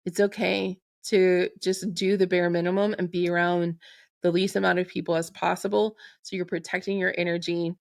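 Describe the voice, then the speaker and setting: A woman hosting a solo spiritual podcast, speaking in a gentle, affirming way and slowing down to recite intentions. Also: lowish voice, gravelly. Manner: slow and deliberate when reciting an intention. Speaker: podcast host and Reiki practitioner.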